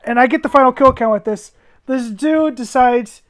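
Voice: high voice, moderate pace, fairly bright tone, no room sound. Giggly gamer host joking on voice chat. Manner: giggly, joking, laughs often. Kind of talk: casual gaming commentary.

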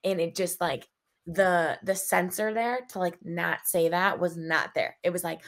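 A young woman in her twenties, co-hosting a casual podcast chat, animated and giggly, acting out what people say. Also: fairly low pitch, moderate pace. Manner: animated, giggly, acts out quotes. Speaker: podcast co-host.

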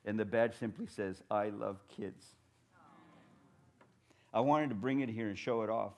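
A man preaching a sermon as a pastor, telling stories with humor and building to loud, shouted points. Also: fairly low pitch, a little fast. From Portland, United States. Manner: storytelling, humorous, rising to shouts.

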